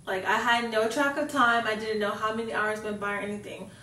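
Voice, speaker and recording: A young woman tells a personal story as a vlogger, in a loose, rambling way that keeps circling back on "like". Her voice sits a bit high, and the mic is set back from her, so the room echoes around her words. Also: steady tone, fairly quick, pushed and bright, recorded from a distance, slight background noise. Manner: chatty, fills sentences with "like". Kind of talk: casual storytelling.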